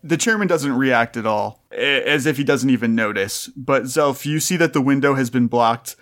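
A man's voice: mid-range voice, normal speed, fairly bright tone. A man narrating a tabletop game as game master, casual and amused.

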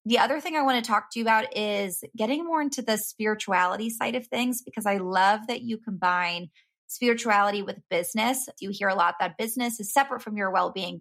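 Host: woman, mid pitch, some vocal fry, curious and affirming. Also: fairly bright tone. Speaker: podcast host. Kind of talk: interview questions and commentary.

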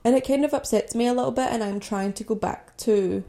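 A woman's voice: on the high side, a little fast, gravelly, mellow. A young woman from Scotland hosting a podcast, telling a personal story in a candid, conversational way with lots of "like" and "you know". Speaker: podcast host.

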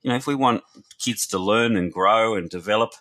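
A man's voice: lowish voice, brisk, fairly bright tone. A man, a researcher and former youth worker, talking earnestly and reflectively in a podcast discussion, often restarting his words.

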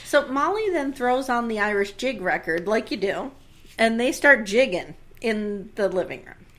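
Picture a woman with a slightly higher voice, chatting casually as a podcast co-host. She laughs often and briefly acts out what the characters say. The storytelling is animated. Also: moderate pace. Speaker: podcast co-host recapping a TV episode. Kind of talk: casual chat.

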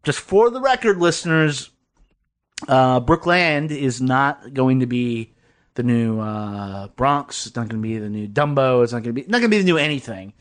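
A man hosting a casual podcast from a basement, his voice sitting at an ordinary pitch. He rambles loosely, swears freely and breaks into laughs. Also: expressive, normal speed. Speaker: podcast host. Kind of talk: casual chat.

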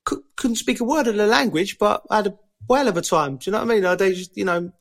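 A man's voice: sits high, fast. A man, a podcast co-host telling stories in a chatty, laddish way with plenty of restarts. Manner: chatty storyteller, laddish slang, many restarts. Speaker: co-host, former footballer. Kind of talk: casual podcast chat.

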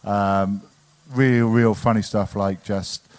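A man hosting a casual chat, asking questions in a halting way with many restarts. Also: fairly low pitch, fairly even intonation, darkish tone.

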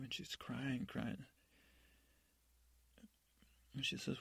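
A man's voice: medium pitch, little pitch movement, normal speed, vocal fry, slightly rough, dry recording. A man improvising a story as a podcast host, narrating in a rambling way with restarts.

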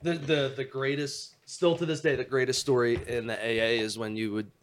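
A man's voice: medium pitch, level tone, a little fast, a crowd in the background. A young man telling a rambling, profane story in casual chat.

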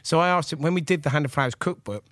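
A man in his forties from England, an animated chef rambling through stories as a podcast guest, with lots of fillers and laughs. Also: a little high, fast, no room sound, studio quality. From Gloucester, England. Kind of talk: casual storytelling chat.

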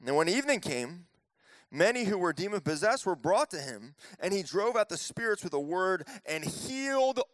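High-voiced animated preacher man. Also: moderate pace, dry recording. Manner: animated storytelling with playful voices. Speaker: pastor. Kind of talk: casual conversational sermon.

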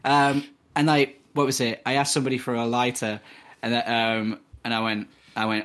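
A man's voice: mid-range voice, flat delivery, a little fast, a bit bright. A man from Britain co-hosting a podcast in casual chat, rambling with many fillers and laughing easily. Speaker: podcast co-host.

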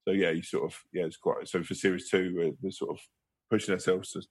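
A man's voice: low-pitched, level tone, fast, a little mellow, slightly rough. A man, a guest comedian, telling rambling anecdotes in a casual interview, laughing and swearing as he goes.

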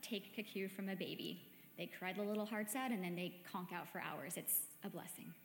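A woman leading a devotional meditation talk in a gentle, reflective, conversational way with soft hesitations. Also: lowish voice, moderate pace, soft background music. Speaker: meditation host. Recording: echoey hall with long reverb.

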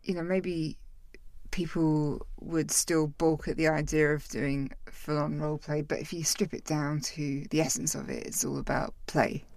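A woman in easygoing podcast chat, with a low voice for a woman. She sounds reflective and laughs easily. The recording is dry and close, with no room sound. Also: level tone, a little slow, a little mellow, dry recording. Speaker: podcast co-host.

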